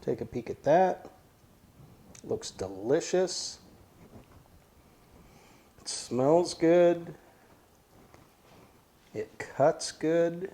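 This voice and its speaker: A man's voice: on the high side, lively intonation, extremely slow, pauses often, mellow. A man hosting a casual cooking vlog, talking plainly and thinking aloud as he goes. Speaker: cooking channel host.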